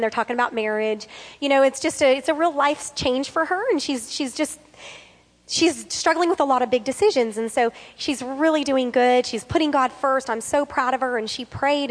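A woman giving a sermon, earnest, reading scripture slowly and repeating key lines for emphasis. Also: on the high side, in a large hall.

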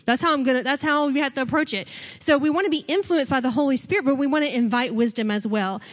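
A woman's voice: sits high, fast. Conversational woman pastor preaching. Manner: conversational, laughs often, acts out quoted speakers. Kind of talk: sermon.

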